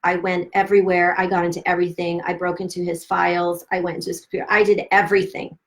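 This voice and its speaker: A woman's voice: lowish voice, quick pace. Emphatic woman telling a personal story. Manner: emphatic, swearing, animated retelling with quoted dialogue. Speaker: host of a self-help live stream.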